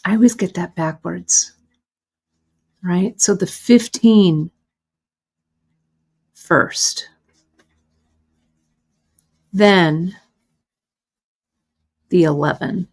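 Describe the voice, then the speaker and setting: A middle-aged woman leads a live beading demonstration. Her voice sits a little low and she takes her time, talking easily as she works. She chats along and laughs at her own mistakes. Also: drawn-out words, long pauses, slightly rough. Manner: chatty, self-deprecating, talks while working. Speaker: beading instructor.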